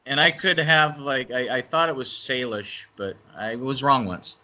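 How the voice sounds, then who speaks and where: A man's voice: mid-range voice, a little slow, background noise. A man speaking as a guest on a radio interview, talking casually and rambling, often restarting and correcting himself. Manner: rambling, self-correcting talker. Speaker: event organizer and interview guest.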